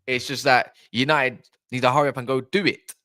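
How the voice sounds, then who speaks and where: A man's voice: mid-range voice, steady tone, a little fast, bright, forceful tone, no room sound. Man, fan channel host, live-stream chat, blunt, rambling, swears a lot, dry close sound. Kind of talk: casual live-stream commentary.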